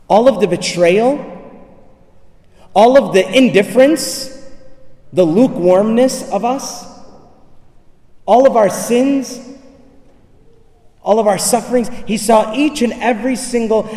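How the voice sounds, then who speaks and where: A man's voice: high-pitched, darkish tone. A male priest preaching a sermon with impassioned, repeated rhetorical questions, recorded from far off in a church. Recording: echoey church hall from far off.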